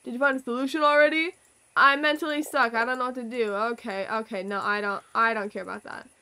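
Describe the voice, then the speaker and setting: High bright playful woman gamer. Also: fast, clean tone. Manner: playful, self-mocking, excitable. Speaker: gaming streamer. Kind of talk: let's play commentary.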